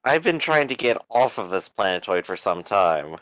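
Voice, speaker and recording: A man's voice: on the low side, big pitch swings, moderate pace, fairly bright tone, no room sound, rough recording. A man playing a tabletop game, thinking aloud and asking practical questions about the plan. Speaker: player. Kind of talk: casual tabletop game talk.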